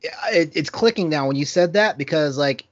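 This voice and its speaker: A man's voice: a little high, fairly quick, dry recording, highs cut off. A man chatting casually, hesitant and full of restarts, laughing easily. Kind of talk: casual podcast chat.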